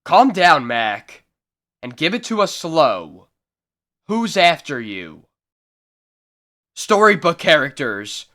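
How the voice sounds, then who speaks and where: A man voicing a gruff, skeptical police sergeant in a comic reading. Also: a little high, big pitch swings, slow pace, pauses often, bright, forceful tone, exaggerated voice. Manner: gruff, dismissive.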